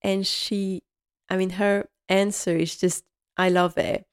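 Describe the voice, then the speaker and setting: A woman's voice: mid-range voice, level tone, takes it slowly, clean tone. A woman host chatting casually and enthusiastically through a TV episode recap, rambling with many fillers. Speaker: podcast host.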